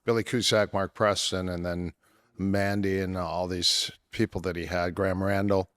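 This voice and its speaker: A middle-aged man, an MMA coach, telling long stories in a casual interview, rambling with many fillers and restarts, his voice worn from years of yelling. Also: sits low, little pitch movement, normal speed. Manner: rambling anecdotes with many fillers and self-corrections.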